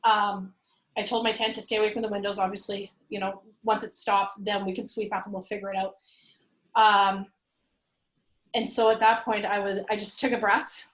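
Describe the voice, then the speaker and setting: Animated woman telling a story, echoey room. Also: mid-range voice, moderate pace. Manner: animated, acts out her own past quotes. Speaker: guest, real estate investor and landlord. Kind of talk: conversational storytelling.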